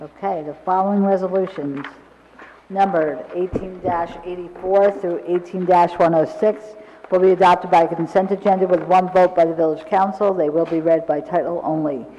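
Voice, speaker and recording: A high-pitched man with a mellow tone, reading ordinance titles as a council clerk in a brisk, formal way. The sound is dull, with a long echo from the chamber. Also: fairly even intonation, a little hiss or hum. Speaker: village clerk. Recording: dull recording in a large reverberant council chamber.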